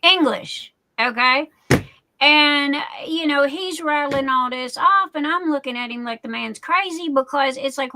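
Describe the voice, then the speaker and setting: Emphatic bright-voiced woman livestreamer. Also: high voice, slow, low-quality recording. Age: 40s. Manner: emphatic, repeats herself, keeps asking "okay?". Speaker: livestream host. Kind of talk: casual live chat.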